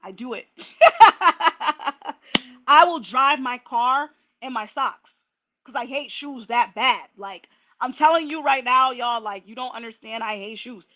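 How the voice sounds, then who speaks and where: Woman, casual livestream chat, bright voice, lo-fi dull audio. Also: sits high, takes it slowly. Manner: chatty, animated, laughing asides. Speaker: livestream host.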